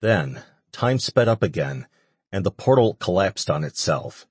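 A man reading a fantasy audiobook in steady scripted narration. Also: low voice, measured pace, husky, dry recording.

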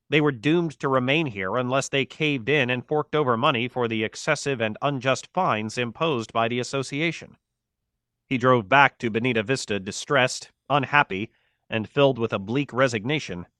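A man reading a novel aloud in a steady, measured scripted narration. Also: medium pitch, no echo, studio quality. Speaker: audiobook narrator.

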